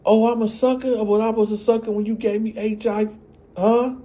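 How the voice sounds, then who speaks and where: A man voicing a bitter, furious young mother who yells accusations. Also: fairly high pitch, little pitch movement, brisk, pitched above the performer's own voice, natural voice. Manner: yelling, accusing.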